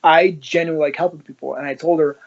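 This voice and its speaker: A man with a slightly high, creaky voice talks fast in dull-sounding audio. Once a police officer in Ohio, United States, he tells his story in an interview as an animated storyteller, acting out the dialogue.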